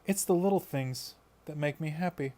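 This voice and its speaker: A man's voice: on the high side, normal speed, warm tone. A man chatting casually on a live stream while he paints miniatures, rambling and laughing often.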